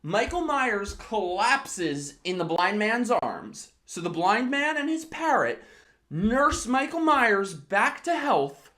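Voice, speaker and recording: A tipsy woman hosting a drunk comedic movie recap, telling it in an animated way with lots of swearing and exclamations. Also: medium pitch, takes it slowly. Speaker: host.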